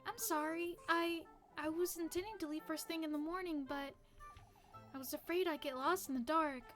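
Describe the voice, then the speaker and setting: A woman voices a timid young village girl, bright and high, soft and pleading. She is always apologizing and eager to please. Faint music plays under her, as in a game. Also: moderate pace. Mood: apologetic.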